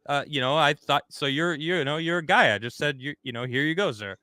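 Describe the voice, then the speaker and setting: A man hosting a casual podcast chat, talking in an animated, rambling way and acting out the people he quotes. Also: on the high side, a little fast, hardly any pauses, no room sound, clean studio sound. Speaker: host.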